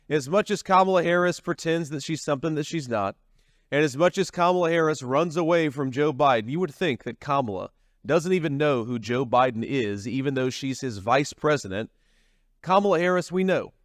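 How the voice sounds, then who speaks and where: A man's voice: fairly high pitch, dry recording, clean studio sound. Folksy man giving a rally speech. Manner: folksy, repetitive, with frequent restarts. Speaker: political candidate at a rally.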